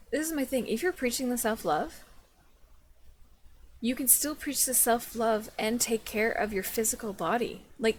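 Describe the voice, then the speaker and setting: A woman's voice: fairly high pitch, slight background noise. A woman delivering blunt, sarcastic reaction commentary. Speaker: commentary YouTuber.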